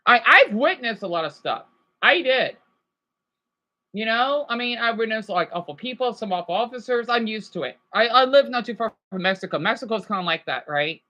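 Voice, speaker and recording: A man's voice: high voice, lively intonation, moderate pace, sharp tone. A man from Arizona giving casual reaction commentary, rambling with stammering restarts and swearing. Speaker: video commentator.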